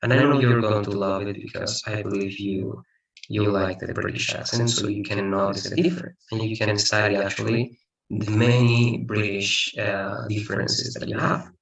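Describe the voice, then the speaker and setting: A man's voice: lowish voice, little pitch movement, normal speed, creaky, a bit bright. A man tutoring English over a video call, talking in a rambling way with many restarts and repeats. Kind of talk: online tutoring lesson. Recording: echoey room, far from the mic.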